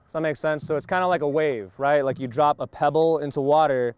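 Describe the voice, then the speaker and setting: A man's voice: fairly high pitch, fairly quick, clean tone, no room sound. A man teaching snare drum technique to a group and often checking that they understand. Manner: explains step by step, keeps checking understanding. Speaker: drum instructor. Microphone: wireless lavalier mic.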